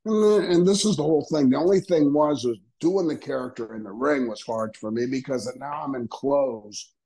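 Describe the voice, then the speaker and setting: Husky older man telling lively stories. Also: medium pitch, moderate pace, poor audio. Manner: animated storyteller, acts out quoted voices, laughs often. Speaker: guest, retired wrestler. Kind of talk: storytelling interview.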